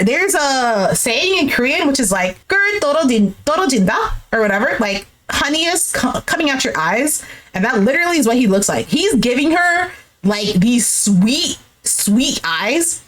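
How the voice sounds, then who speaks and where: A young woman doing a recap of a dating show, reacting with exasperation and swearing, and acting out the cast's lines in a lower voice. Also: a bit bright. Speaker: recap streamer. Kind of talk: animated reaction commentary.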